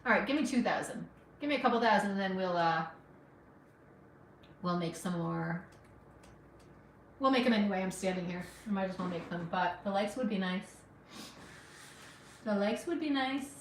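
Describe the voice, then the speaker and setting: In her home kitchen, a middle-aged woman from Afghanistan, unaccented, talks casually to stream viewers as she cooks, chatty and encouraging, with a slight allergy sniffle. Her mid-range voice is animated at normal speed with long pauses. It's recorded from afar in an echoey space with a faint hiss or hum.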